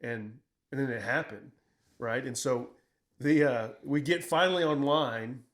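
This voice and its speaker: A middle-aged man, a military veteran, telling combat stories in casual conversation, blunt and profane, acting out what he shouted. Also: mid-range voice, unhurried. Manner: profane, blunt, quotes himself in raised voice.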